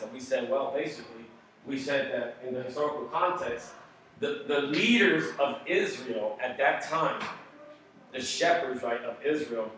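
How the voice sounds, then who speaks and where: Animated pastor preaching in an echoey hall. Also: male voice, mid-range voice, normal speed, slight background noise. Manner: animated, jokey, emphatic with sudden loud bursts. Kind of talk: sermon. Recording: echoey hall, distant mic.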